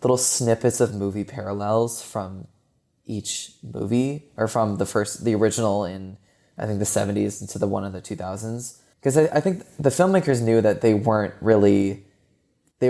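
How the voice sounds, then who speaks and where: A man with a mellow, relaxed voice talking through a film in a casual podcast chat. He rambles, stacks up "like"s and restarts his sentences as he thinks aloud. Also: fairly low pitch, normal speed, vocal fry. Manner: chatty and rambling, heavy use of "like". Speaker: podcast co-host.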